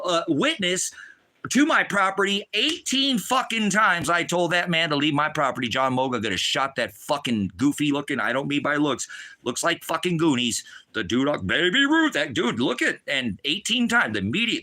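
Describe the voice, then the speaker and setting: Furious profane middle-aged preacher, bright voice. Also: male voice, on the high side, sing-song, moderate pace. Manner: profane, agitated, swinging between shouting and muttering. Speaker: ministry preacher. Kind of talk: angry livestream rant.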